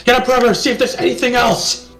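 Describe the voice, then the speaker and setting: A man's voice: very high-pitched, steady tone, rapid-fire, a bit bright, faint music behind, voice pushed up. A man voicing a large, stern bear-folk woman who leads the guards, barking orders. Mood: commanding.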